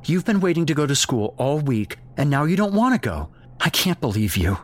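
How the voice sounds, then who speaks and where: A tearful, anxious mother in a horror audio story, as a man puts her on. Her voice is raised well above his own low register and swings through a wide range, soft and pleading one moment, sharp the next. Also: big pitch swings, normal speed. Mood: harsh. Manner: soft, pleading, sometimes suddenly harsh.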